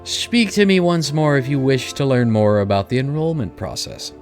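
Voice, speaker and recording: A proud, long-winded male guild receptionist gives a stately welcome to new recruits, as a man reads his lines aloud. The voice sits at an ordinary middle pitch. Soft game music plays quietly underneath. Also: animated, normal speed, natural voice. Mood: formal.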